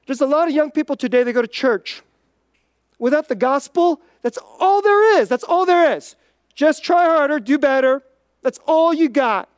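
Casual sermon, informal preacher, high-pitched, dry sound, conversational, slow quiet emphasis. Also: expressive, dry recording. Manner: informal, chatty, peppered with "like"; swings between loud quick bursts and slow, quiet emphasis.

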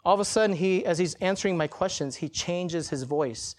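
Pastor telling an animated sermon story. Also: male voice, high-pitched, fairly quick. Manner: animated storytelling, casual, acts out quotes. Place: church.

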